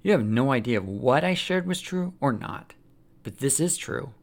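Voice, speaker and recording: Sneery gravelly devil guy, a man reading him out, smug and mocking, storybook villain. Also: mid-range voice, expressive, normal speed, lightly acted. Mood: gloating. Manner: sneering, sarcastic, gloating. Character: sly taunting male devil, Lucifer, mocking.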